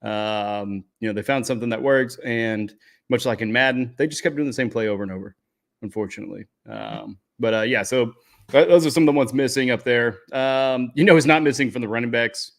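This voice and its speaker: A man co-hosting a fantasy football podcast, laid-back and unhurried, with lots of filler words. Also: medium pitch, gravelly. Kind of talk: casual sports chat.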